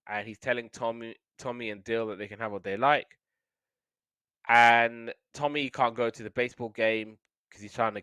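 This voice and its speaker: A man's voice: mid-range voice, a bit bright, clear, resonant tone, no room sound. A man hosting a podcast, casually recapping a cartoon episode in a rambling way, leaning on "obviously" and "like". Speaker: podcast host.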